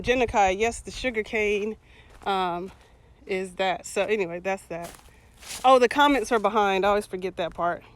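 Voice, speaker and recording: A vlogger livestreams a casual tour of a community garden on a hand-held phone outdoors, a water hose spraying in the background. Her voice is medium-pitched, with a little hiss or hum. She chats and laughs with viewers in the comments.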